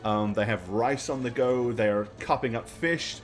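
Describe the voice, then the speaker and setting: A man running a tabletop game, drawing out his scene descriptions at an unhurried pace and filling the gaps with "um". His voice sits at an ordinary middle pitch. Faint music plays behind him. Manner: slow, descriptive narration with many fillers. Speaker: game master.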